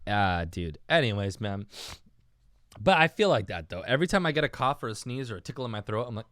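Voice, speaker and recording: In clean studio sound with no echo, a young man from the United States talks casually on his own podcast. His voice sits on the low side, brisk and a bit bright, with lively intonation. He wanders from topic to topic, mocks himself, and keeps saying "dude" and "man."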